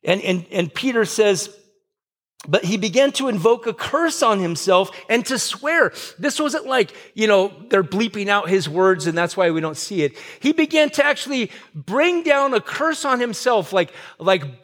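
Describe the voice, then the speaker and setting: A male pastor from Southern California preaches in a conversational style, full of fillers and restarts. He's animated and a little slow, acting out quoted lines with big swings in pitch.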